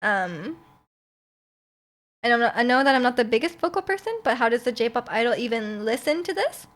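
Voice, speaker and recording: Young woman streamer, high and bright, giggly, loose casual chat with the audience. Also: big pitch swings, normal speed. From Canada. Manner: giggly, chatty, reads and answers chat aloud. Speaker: livestreamer.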